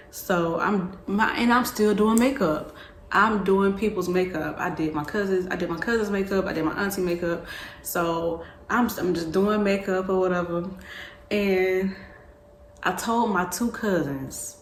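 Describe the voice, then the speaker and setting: A woman's voice: on the low side, slight background noise. A young woman vlogger telling a personal story in casual chat, repeating herself and backtracking as she goes. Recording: echoey room.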